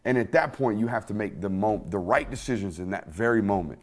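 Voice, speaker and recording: A man hosting a sports podcast, telling stories in an animated, profane, casual way. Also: on the low side, fairly quick.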